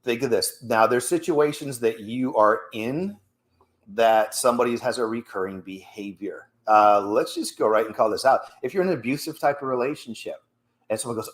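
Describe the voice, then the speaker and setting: A middle-aged man hosting a fitness show, talking casually and in a motivational way, growing animated when he tells stories. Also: lowish voice, a little fast. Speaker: fitness coach and show host.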